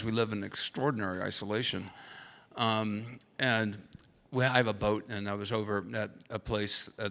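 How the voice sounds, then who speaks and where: This is a middle-aged man's lowish, bright, forceful voice as he tells stories on a conference panel. He wanders, restarts, and acts out the voices of people he quotes. Everything echoes with the long reverb of the conference hall.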